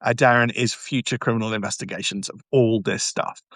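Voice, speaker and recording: A man's voice: lowish voice, fairly even intonation, a little fast, a bit bright, no room sound. A barrister hosting a live stream, talking emphatically and often stumbling and restarting as he answers viewers' comments. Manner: mocking, sarcastic asides.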